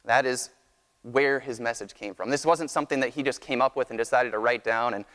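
A man preaching a sermon, teaching in a measured, earnest way that often restarts phrases. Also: medium pitch, a bit bright. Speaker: pastor. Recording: long hall reverb.

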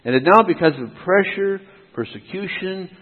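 A man's voice: high-pitched, lively intonation, normal speed. A pastor preaching a sermon in an emphatic, rhythmic way, setting ideas against each other and answering his own questions. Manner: emphatic, rhythmic contrasts, asks and answers himself. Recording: tinny phone-like sound with long hall reverb.

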